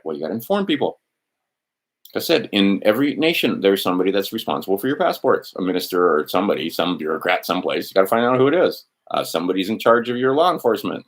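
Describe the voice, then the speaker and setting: A man with a fairly low voice gives a loose, rambling lesson, his pitch leaping up and down as he talks. He thinks aloud, trails off and restarts mid-sentence. He acts out little quoted exchanges in a raised, animated tone. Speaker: host of an instructional video. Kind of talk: rambling informal instruction.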